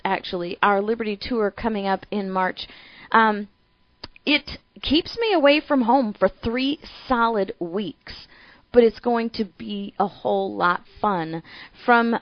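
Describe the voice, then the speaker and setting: Chatty, energetic female talk host, Midwestern American accent, dry and slightly muffled recording. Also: mid-range voice, no room sound. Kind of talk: political talk show monologue.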